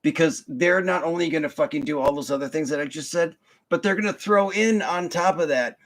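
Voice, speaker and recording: A man's voice: a little high, a little fast, a bit bright. A young man telling a work story in a casual, profane, rambling rant full of fillers and restarts. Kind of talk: casual ranting monologue.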